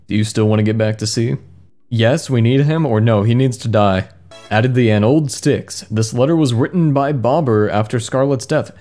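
A man with a mellow, warm voice at an ordinary pitch, reading game dialogue aloud and cracking dry, amused jokes about it. Faint game music plays under his voice. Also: moderate pace. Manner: wry, amused, reads mistranslated lines with deadpan jokes. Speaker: gaming commentator. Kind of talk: comedic let's play commentary, reading game text aloud.

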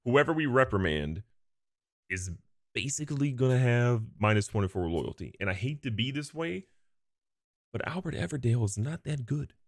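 A man giving casual, excitable gameplay commentary, joking at himself and talking to his players. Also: medium pitch, normal speed, no room sound, clean studio sound. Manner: excitable, self-mocking, talks to the players. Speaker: gaming video host.

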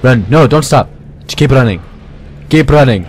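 A young man giving goofy, casual commentary over his own gameplay, talking to his weapons and now and then yelling at them. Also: mid-range voice, lively intonation, normal speed. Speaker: let's play gamer. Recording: faint game noise behind. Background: game gunfire.

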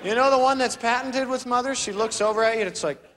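A young man doing an animated stand-up routine on a theater stage, acting out characters with voices and sound effects. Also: extremely high pitch, fast talker. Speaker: stand-up comedian. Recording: live theater recording with crowd noise. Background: audience laughter.

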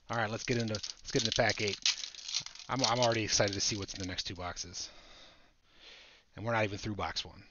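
A man hosting a live trading-card break, chatting excitedly with viewers as he opens packs. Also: fairly low pitch, normal speed, creaky, long pauses, a little hiss or hum. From Buffalo area, United States. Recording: dull lo-fi audio.

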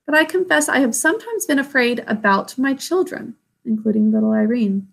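A woman reading aloud, voicing a calm, ancient and wise great-grandmother who reassures a child. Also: on the high side, fairly quick, gravelly. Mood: tender. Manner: tender, reassuring.

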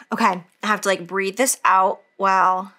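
Thirty-something woman doing her makeup and venting to the camera, bright clear voice, lots of "like"s. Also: medium pitch, steady tone, unhurried. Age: 30s. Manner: candid, emotional, many "like" fillers; talks while applying makeup. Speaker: beauty vlogger. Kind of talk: casual talk to camera.

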